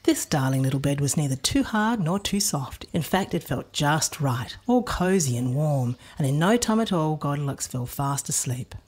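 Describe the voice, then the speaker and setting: A woman narrating a children's storybook in a playful, expressive way. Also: deep voice, normal speed, few pauses, slightly rough.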